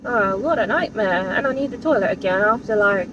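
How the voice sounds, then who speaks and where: A woman's voice: medium pitch, animated, brisk, lo-fi sound. A woman chatting casually in her vlog, saying "like" a lot and laughing often, recorded in her vehicle. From England. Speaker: vlogger. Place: in a car or van. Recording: distant mic with background noise.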